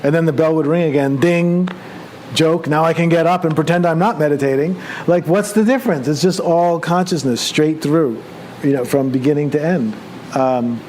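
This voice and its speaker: A male meditation teacher telling a personal story during a retreat talk, conversational and animated as he acts out his own excited thoughts. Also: fairly high pitch, a little hiss or hum. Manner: relaxed, conversational, with many fillers.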